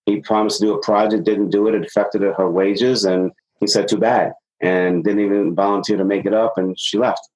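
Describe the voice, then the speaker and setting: Speaking at a normal speed with few pauses, a middle-aged sales consultant lays out ideas energetically in a podcast interview. He voices the characters in his stories in a lowish tone, captured on a low-quality recording.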